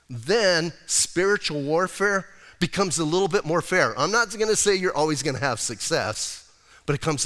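A man preaching a sermon as pastor, in a casual, animated way that acts out the scenes he describes. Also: medium pitch, in a large hall. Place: church sanctuary.

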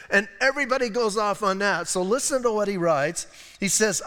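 A man's voice: high-pitched, a bit bright. An American male pastor preaching a casual, chatty sermon full of rhetorical questions and asides. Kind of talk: conversational sermon. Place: church sanctuary. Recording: long church-hall reverb.

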